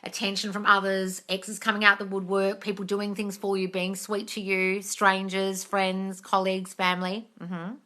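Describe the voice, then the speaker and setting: A woman's voice: mid-range voice, monotone, normal speed, few pauses, sharp tone. A woman answering chat questions on a live stream, blunt and sweary, calling her viewers darling. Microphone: phone on a live stream.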